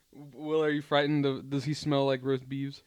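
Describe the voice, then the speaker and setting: Young dude cohost, teasing, laughs a lot, mid pitch voice. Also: male voice, little pitch movement, unhurried, smooth. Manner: teasing, laughs often, quiet interjections. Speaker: podcast co-host. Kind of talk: casual chat.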